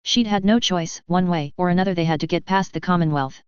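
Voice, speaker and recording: A narrator reading a fan fiction story aloud in a steady, even storytelling voice. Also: mid-range voice, a little fast, smooth, no echo. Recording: dry, slightly dull lo-fi recording.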